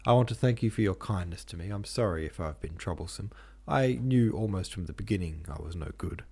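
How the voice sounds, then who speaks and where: A man's voice: deep voice, expressive, fairly quick, mellow, husky, exaggerated voice. A man voicing a restless young clerk who speaks bluntly. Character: young male articled clerk, restless and defiant.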